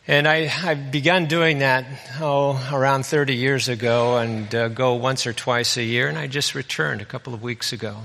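A man delivers a conversational sermon and retells scripture in a relaxed, folksy way. His voice is bright and forward. It carries a long hall reverb, as from a church sanctuary. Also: medium pitch, creaky. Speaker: pastor.

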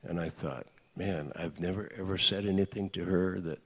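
A middle-aged man telling personal stories in an earnest, conversational sermon to a group of men, with lively outbursts. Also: deep voice, normal speed, breathy edge. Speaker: speaker addressing men. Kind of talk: sermon-style personal storytelling. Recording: echoey hall with long reverb.

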